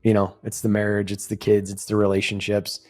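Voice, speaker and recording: A man's voice: fairly low pitch, completely flat delivery, fairly quick, darkish tone, faint music behind. A middle-aged man co-hosting a podcast, talking in a rambling, heartfelt way and swearing casually. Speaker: podcast co-host. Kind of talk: casual chat.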